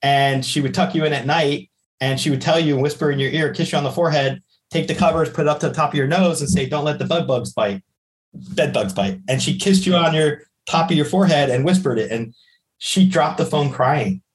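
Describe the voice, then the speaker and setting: A man's voice: a little high, brisk. A man, a podcast guest and psychic medium, telling a personal story in conversation and acting out the dialogue he quotes.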